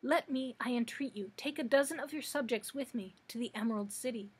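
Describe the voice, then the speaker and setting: A woman's voice: a little high, brisk, husky. A woman voicing a kindly male scarecrow made of straw, speaking with formal politeness in a storybook reading.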